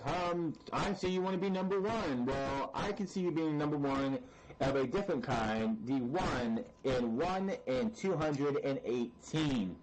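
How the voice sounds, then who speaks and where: A man's voice: medium pitch, a little mellow, slight background noise, low-quality recording. Exasperated man reviewing wrestling. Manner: blunt, exasperated, opinionated. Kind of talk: casual podcast commentary.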